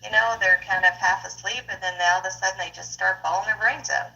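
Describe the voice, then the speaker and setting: A woman's voice: medium pitch, fairly even intonation, fast talker, creaky, bright, forceful tone, highs cut off. A woman counselor guest in a casual interview, explaining plainly and acting out what her clients say. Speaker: advice columnist and counselor guest.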